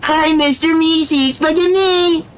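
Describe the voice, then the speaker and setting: A man doing a squeaky Mister Meeseeks. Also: fairly even intonation, measured pace, fairly bright tone, a little hiss or hum. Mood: eager. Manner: cheery catchphrase delivery. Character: eager high-pitched blue male cartoon helper creature.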